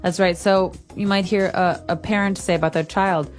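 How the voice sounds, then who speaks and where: A woman co-hosting an English lesson podcast, explaining phrases clearly with example sentences. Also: lowish voice, steady tone, normal speed, faint music behind. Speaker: English teacher and podcast co-host.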